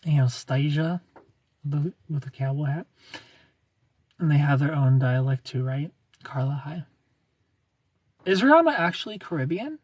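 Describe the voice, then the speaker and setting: A young man hosting a casual livestream greets viewers and reads comments, ranting with lots of swearing and laughter. His fairly high, slightly rough voice has lively intonation and normal speed with frequent pauses, recorded with no room sound.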